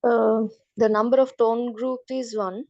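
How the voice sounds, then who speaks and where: A woman's voice: a little high, level tone, unhurried, darkish tone, dry recording, highs cut off. A woman student politely reading out her answers in an online class, hesitant and full of fillers.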